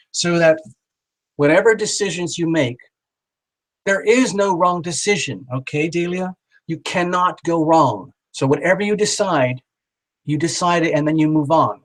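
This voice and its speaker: Brief: male tarot reader on a live stream, encouraging and chatty, slightly higher voice. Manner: warm, encouraging, chatty, with playful exaggerated voices. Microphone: small built-in camera mic. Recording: small camera on a poor live-stream connection.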